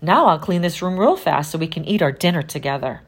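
A woman voicing a jolly, friendly male night janitor with a hearty, booming manner. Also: animated, a little fast, husky, exaggerated voice. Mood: cheerful.

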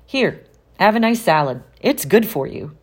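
Hearty, friendly janitor, loud and jolly, done by a woman. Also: sing-song, a little slow, husky. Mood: warm. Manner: hearty, booming.

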